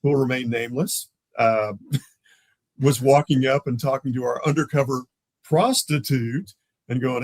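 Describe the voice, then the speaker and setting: Animated older man telling stories. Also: medium pitch, moderate pace, dry recording, poor audio. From Tulsa, Oklahoma. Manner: animated, acts out others' voices in his stories; laughs often mid-story. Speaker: guest, former police officer. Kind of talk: casual storytelling chat.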